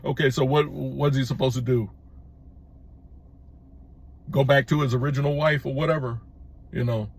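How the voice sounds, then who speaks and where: A middle-aged man with a husky, slightly rough voice delivers a talk-to-camera opinion piece as host of his own channel. He speaks emphatically, doubling back on his words and restarting sentences as he presses his point. His pitch sits in an ordinary male middle range. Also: steady tone, normal speed, long pauses. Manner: emphatic, repetitive, restarts with stammered false starts.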